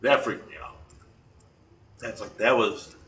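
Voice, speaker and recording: A man casually recounting paranormal investigations, animated and quick to laugh, acting out the voices he quotes. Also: on the low side. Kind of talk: casual storytelling chat. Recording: echoey room, distant mic, faint noise.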